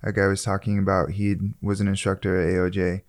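A man co-hosting a casual podcast, relaxed and joking, with frequent laughter. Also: sits low, quick pace. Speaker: podcast co-host.

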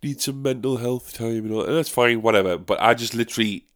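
A man's voice: mid-range voice, quick pace. A young man hosting a podcast, rambling and swearing in casual chat. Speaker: podcast host.

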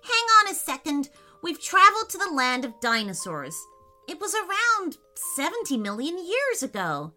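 A woman voicing a curious, excitable young boy who loves dinosaurs in a children's story. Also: moderate pace, soft background music, exaggerated voice. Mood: eager. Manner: eager, high and excitable. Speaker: children's story narrator doing character voices.

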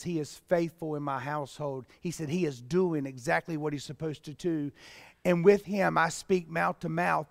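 A man's voice: on the high side, no room sound, clean studio sound, big-room sound. A man preaching a sermon, reading scripture and dramatizing it with rising intensity. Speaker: pastor.

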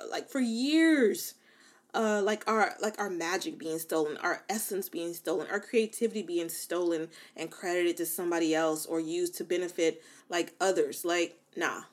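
A young adult woman talking casually to her viewers, giving self-love advice in an animated, emphatic way, with lots of "like" and "you know.". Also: lowish voice, moderate pace. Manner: conversational, many fillers like "like" and "you know". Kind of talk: casual motivational talk to camera.

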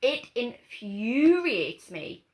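A woman's voice: a little high, drawn-out words. A young woman with a Geordie accent chats casually on a podcast. She tells her stories with lots of energy and a bit of mimicry. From North East England. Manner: animated storytelling with put-on voices and laughter. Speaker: podcast co-host. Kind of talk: casual chat.

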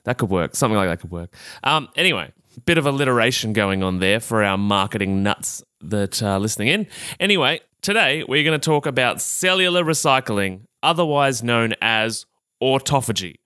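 A man's voice: medium pitch, big pitch swings, normal speed, bright, forceful tone, clear, resonant tone, no echo, studio quality. A young Australian man hosting a solo health podcast, talking in a chatty, upbeat and self-amused way with plenty of fillers. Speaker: podcast host.

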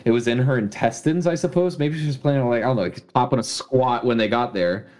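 A man's voice: medium pitch, fast talker, darkish tone. A man co-hosting a casual movie review podcast, teasing and swearing freely. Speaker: podcast co-host.

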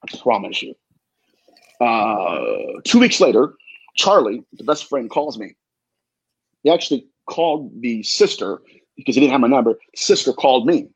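A man, a demonologist guest, tells an earnest, emphatic story in a husky voice and often repeats himself. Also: medium pitch, sing-song, moderate pace, long pauses, no echo, rough recording. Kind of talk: animated storytelling.

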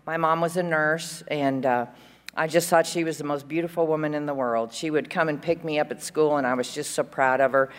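A woman's voice: deep voice, fairly even intonation, fairly quick, in a large hall. A woman speaking at a women's conference, chatty and rambling, full of fillers and fond asides. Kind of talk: recovery share at a conference. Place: conference hall.

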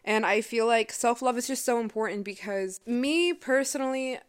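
Chatty young woman, smooth voice. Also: a little high, normal speed. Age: 20s. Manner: chatty and emotional, lots of "like" and "I mean". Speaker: podcast host. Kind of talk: casual personal podcast monologue.

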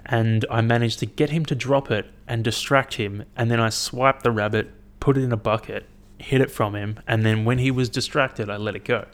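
A young man talking to camera in a casual, rambling monologue, blunt and swearing a lot as he thinks out loud. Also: mid-range voice, fairly even intonation, moderate pace, hardly any pauses. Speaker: vlogger.

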